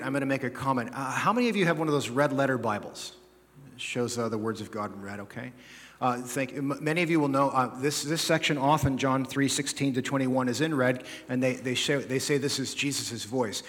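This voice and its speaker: A man's voice: mid-range voice, a bit bright. A man preaching a sermon to a congregation, conversational and explanatory, with jokey asides and frequent checks like "okay?". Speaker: pastor. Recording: long hall reverb.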